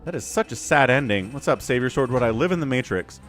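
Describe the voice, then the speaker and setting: A man giving live game commentary as a streamer, chatty and excitable, laughing often and talking to his chat. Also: mid-range voice, quick pace, faint music behind. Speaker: esports caster and streamer.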